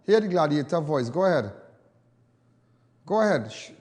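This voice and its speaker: A man's voice: a little high, sing-song, moderate pace, a little mellow, in a large hall. A Trinidadian man hosting live television talk, emphatic, repetitive and defiant. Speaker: TV host.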